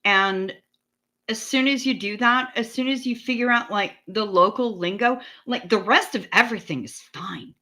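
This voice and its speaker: On her stream, a US woman in her forties rambles and swears without restraint, talking back to her viewers' chat in a casual way. She speaks at a normal speed in a fairly high voice that sounds pushed and bright, picked up by a streaming setup.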